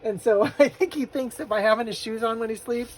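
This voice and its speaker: An older woman hosts a crafting channel, chatting casually as she crafts and telling stories with frequent laughter. Her voice is on the high side, a little fast and a little mellow, though the audio is poor.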